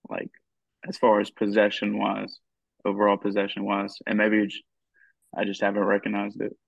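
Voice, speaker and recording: A man co-hosting a podcast, speaking in a hesitant, halting way with a gravelly voice. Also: on the low side, completely flat delivery, no room sound. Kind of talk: casual conversational discussion. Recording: dull lo-fi dry sound.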